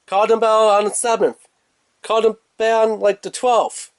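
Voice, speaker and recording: A man in a casual unboxing review, talking in a rambling, animated way as he shows off a toy. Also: high-pitched, moderate pace, smooth, no echo. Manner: rambling, talkative, animated storytelling.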